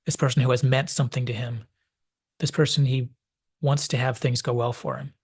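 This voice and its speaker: A man's voice: mid-range voice, little pitch movement, fairly quick, slightly rough. A man hosting a video essay, reflectively analyzing a classic TV episode and thinking aloud as he goes.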